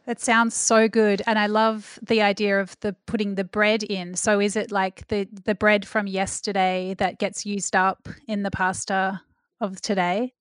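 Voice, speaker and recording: A woman's voice: medium pitch, little pitch movement, unhurried, clear, resonant tone, dry recording, studio quality. A woman hosting a podcast interview, effusive and a little poetic. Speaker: podcast host.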